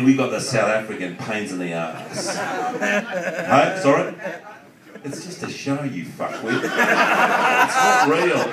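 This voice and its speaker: A man's voice: a little high, very noisy. An Australian man doing live stand-up comedy, crude and insulting as he works over the audience in a pub. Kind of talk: live stand-up with crowd work. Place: pub function room in front of a live audience. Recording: roomy live pub gig, mic heard from a distance, loud crowd laughter.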